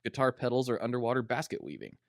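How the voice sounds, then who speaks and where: Male podcast co-host, mid pitch, very lively melody, playful teasing, dry close mic. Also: quick pace, creaky, no echo. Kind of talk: casual chat.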